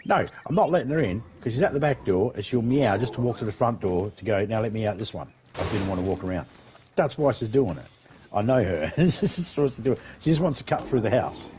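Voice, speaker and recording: A man's voice: mid-range voice, lively intonation, fairly quick, a little mellow, a little hiss or hum. A man chatting casually as a co-host on a gaming stream, with easygoing, laid-back banter.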